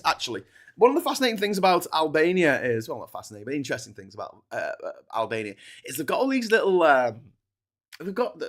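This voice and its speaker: A man's voice: on the high side, fairly bright tone. A man hosting a solo livestream, chatting in a digressive, jokey way, full of restarts and trailing asides. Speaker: livestream host. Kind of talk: rambling solo livestream chat.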